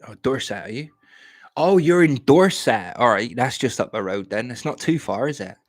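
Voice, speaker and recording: A man's voice: mid-range voice, expressive, moderate pace. A young man from Plymouth, chatting casually on a live stream at home, often stammering and repeating words. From Plymouth, England.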